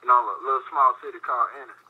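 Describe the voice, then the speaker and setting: A man's voice: mid-range voice, steady tone, racing, slightly rough. A young man from Alabama with a Southern country accent, a musician guest talking in a laid-back, slangy way. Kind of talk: casual interview. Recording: tinny phone line.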